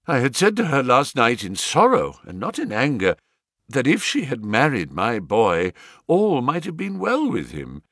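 A man voicing a distraught, excitable middle-aged banker who breaks into high-strung outbursts, read as an audiobook. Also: unhurried, breathy edge, no echo, clean studio sound, exaggerated voice. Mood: grief-stricken. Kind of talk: audiobook character reading.

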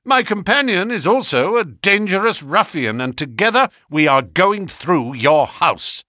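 A man reading an audiobook, voicing a firm, commanding male detective in a raised, louder voice. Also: high voice, very animated, no room sound, clean studio sound, pitched above the performer's own voice, exaggerated voice. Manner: brisk and firm.

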